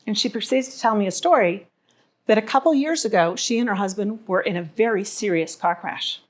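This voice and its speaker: A middle-aged woman hosting a live podcast, telling stories to an audience in a chatty way and laughing at herself. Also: mid-range voice. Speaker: podcast host. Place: wine venue with live audience.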